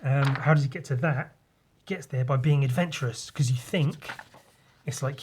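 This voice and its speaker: Male podcast host, middle pitch, easygoing chat, rambling, sweary, makes sound effects. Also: moderate pace, darkish tone, a little hiss or hum. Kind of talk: casual chat walking through comic pages.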